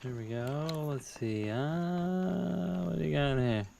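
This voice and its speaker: A man's voice: fairly high pitch, slow, creaky, background noise. A man streaming a game, telling stories to his friend and explaining his setup to viewers in a laid-back way. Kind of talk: casual gaming stream chat.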